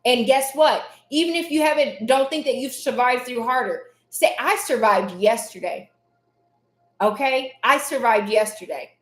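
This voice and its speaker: A woman's voice: fairly high pitch, unhurried, fairly bright tone. A woman hosting a live self-care talk, earnest and encouraging, repeating phrases for emphasis. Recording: echoey room.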